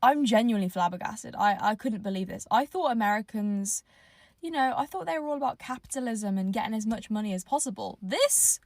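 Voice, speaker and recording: A young woman talks to camera in an animated, incredulous and playful way. Her voice sits a little high. The sound is close and dry. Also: a little fast, dry recording. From United Kingdom. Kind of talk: talking-head social video.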